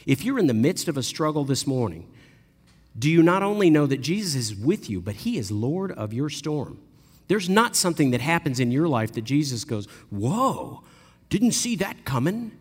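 A man of middle pitch preaches a sermon, and his voice rings with the long reverb of a large hall. He tells the story with animated delivery and briefly acts out the people he quotes. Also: normal speed.

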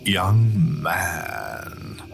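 A man voicing an eccentric old male doctor with a crackly, popping radio-speaker voice, a slight foreign hint and slow, deliberate speech. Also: sits low, big pitch swings, gravelly, music in the background, voice pushed down, heavily acted. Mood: cryptic.

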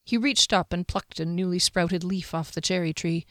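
A woman narrating a fantasy audiobook in a measured, even storytelling manner. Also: lowish voice, no echo, clean studio sound.

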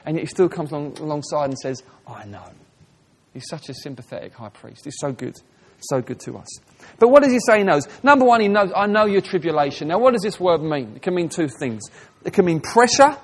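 A man preaching a sermon, animated, swinging between hushed, tender lines and loud, emphatic ones. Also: a little high. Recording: long hall reverb.

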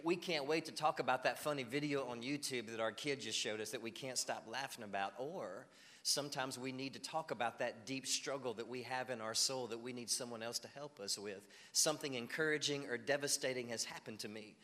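A male pastor delivering a sermon to his congregation, energetic and rising loud when he acts out examples. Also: medium pitch, brisk. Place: church sanctuary. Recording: long reverb of a church hall.

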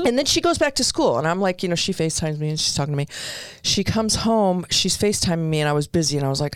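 A woman in her forties telling a story in casual chat, animated and swearing as she acts out quotes. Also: on the low side, quick pace, smooth, no echo, clean studio sound. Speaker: podcast co-host.

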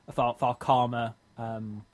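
A young man co-hosting a podcast, telling a funny story in animated fashion and laughing often. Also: mid-range voice, measured pace. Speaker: podcast co-host. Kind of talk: casual storytelling chat.

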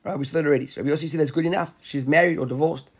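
A man teaching a Talmud class, explaining quickly and repeating words as he reasons aloud. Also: a little high, steady tone, slightly rough.

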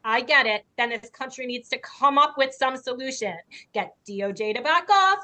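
A woman's voice: high-pitched, animated, moderate pace, bright, forceful tone. A woman speaking as a guest in an interview, pressing her point with urgency and indignation. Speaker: patient advocate guest. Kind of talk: heated interview talk.

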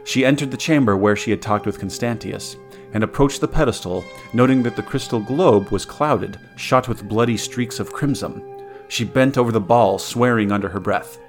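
A man narrating a story aloud as a podcast co-host, steady with occasional stumbles and restarts. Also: mid-range voice, normal speed, soft background music.

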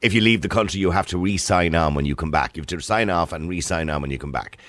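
A man's voice: low-pitched, fast talker, a bit bright, no room sound. An Irish man hosting a radio phone-in, chatty and teasing, laughing often with his callers.

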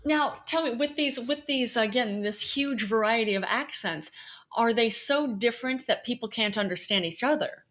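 Chatty woman, higher voice. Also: moderate pace, fairly bright tone. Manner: chatty, ironic asides, asks questions. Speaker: podcast host. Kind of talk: casual chat.

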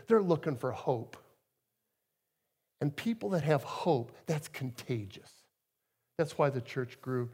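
A middle-aged man preaching a sermon as a guest speaker, telling stories with emphatic swings between soft and loud. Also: a little high, lively intonation, unhurried. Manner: storytelling, emphatic swings in loudness.

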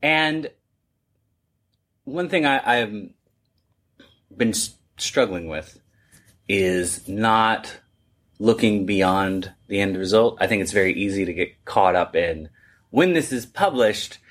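A man being interviewed as a podcast creator in a casual chat, lively and acting out quoted dialogue as he talks. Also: on the low side, takes it slowly, pauses often. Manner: animated, acts out quoted dialogue.

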